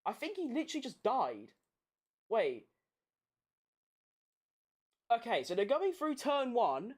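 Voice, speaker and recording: A woman commentating a race watchalong live, sweary and excitable. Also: on the high side, takes it slowly, pauses often, breathy edge. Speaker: streamer hosting a race watchalong.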